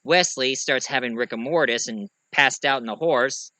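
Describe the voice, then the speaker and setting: Bright-voiced man rambling through a film review. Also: mid-range voice, normal speed, no room sound, rough recording. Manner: rambling, full of fillers and restarts, acts out quotes. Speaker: movie reviewer. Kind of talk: casual spoken movie review.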